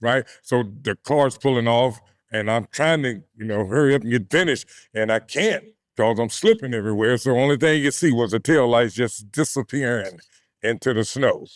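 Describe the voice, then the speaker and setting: A man's voice: medium pitch, normal speed, dry recording, clean studio sound. An older man, a retired wrestler, talking emphatically in a casual interview and tossing in questions like "you know, right?".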